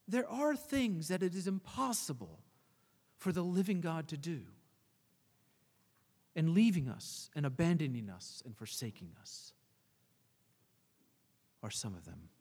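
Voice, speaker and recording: Male pastor, sermon delivery, slightly high voice, dramatic hushed-to-emphatic swings, long hall reverb. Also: big pitch swings, a little slow, long pauses, husky.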